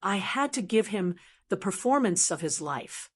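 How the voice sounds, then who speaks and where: A woman narrating a dramatic first-person story in a measured, scripted way. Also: mid-range voice, animated, slightly rough.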